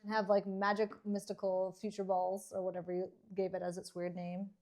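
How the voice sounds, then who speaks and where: A woman's voice: mid-range voice, monotone, brisk, a little mellow. A middle-aged woman from Canada co-hosts a podcast in easy, casual chat. She answers with dry, teasing remarks and laughs readily. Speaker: podcast co-host, dentist.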